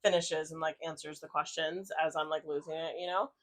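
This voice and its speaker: A woman's voice: low-pitched, steady tone, a little fast, a bit bright. A woman co-hosting a podcast, telling a personal story in a rambling, casual way with lots of fillers and swearing. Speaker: podcast co-host.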